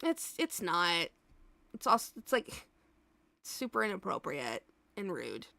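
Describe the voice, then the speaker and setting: A woman's voice: fairly low pitch, sing-song, unhurried, vocal fry, bright, forceful tone, no echo. A young adult woman streaming live, chatting casually with viewers in a blunt way, swearing freely and laughing often.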